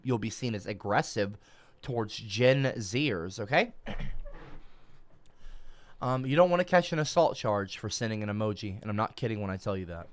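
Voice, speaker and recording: A man ranting at his livestream chat in a sarcastic, foul-mouthed way. His pitch swings widely as he talks, and he keeps stumbling over his words and restarting his sentences. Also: fairly bright tone. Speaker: livestream host. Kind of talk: mocking comedic livestream rant.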